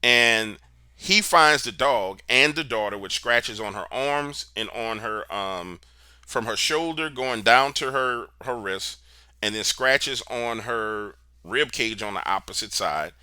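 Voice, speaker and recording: A man's voice: medium pitch, takes it slowly, bright, forceful tone, clear, resonant tone, no echo, clean studio sound. A man being interviewed, telling a story in a casual, slangy, emphatic way. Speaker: interview guest, paranormal researcher.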